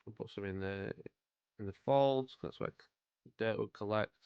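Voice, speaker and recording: A smooth, fairly low male voice at normal speed belongs to a British livestream host painting miniatures, who chats casually and greets viewers by name. The audio is dry and dull.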